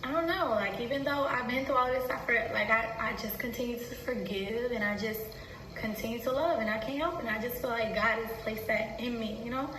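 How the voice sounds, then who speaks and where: Brief: young woman vlogger, bright slightly high voice, halting and hesitant, recorded in an echoey room from some distance. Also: a little hiss or hum. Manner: halting, full of fillers, soft-spoken. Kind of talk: emotional personal confession.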